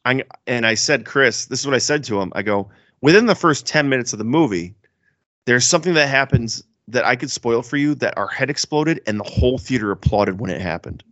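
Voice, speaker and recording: A young man co-hosting a casual podcast about movies, animated and enthusiastic, laughing often. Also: medium pitch, brisk, no room sound. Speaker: podcast co-host.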